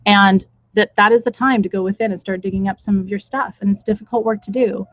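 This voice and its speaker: A woman's voice: mid-range voice, fairly even intonation, fast talker, no room sound, muffled recording. A woman leading a live ritual, talking in a candid, chatty and blunt way, with frank asides to her listeners. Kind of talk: casual live-stream talk. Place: indoors with a small group in the room.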